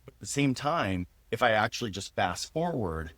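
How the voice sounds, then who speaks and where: A man in his thirties hosting a podcast, with a fairly low voice and a dry, close sound. He tells a personal story casually and laughs often as he talks. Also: moderate pace, no echo. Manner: lively anecdotal, laughs often. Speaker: podcast host.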